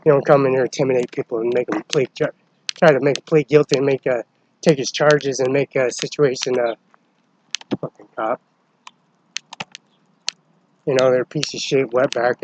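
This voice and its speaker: A man's voice: medium pitch, background noise. An agitated man delivering a rambling, profane complaint that jumps from topic to topic.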